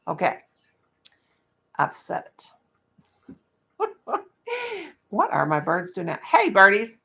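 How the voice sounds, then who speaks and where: A woman's voice: low voice, huge pitch swings, very slow, creaky, fairly bright tone. An older woman, chatting bluntly and rambling in folksy talk while crocheting on a livestream. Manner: blunt, rambling, folksy, talks to chat and her birds. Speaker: livestream vlogger. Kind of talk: casual chat while crocheting.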